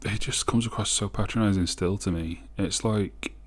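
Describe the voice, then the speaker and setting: Deep-voiced man breaking down lyrics. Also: moderate pace. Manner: reflective, reads lyrics aloud and picks them apart. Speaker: music reviewer host. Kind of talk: casual song commentary.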